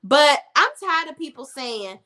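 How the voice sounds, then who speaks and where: A woman's voice: high-pitched, very animated, a little slow, sharp tone. A young woman recapping a TV episode in a casual, sassy, emphatic way, repeating words for emphasis. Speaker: TV show reviewer.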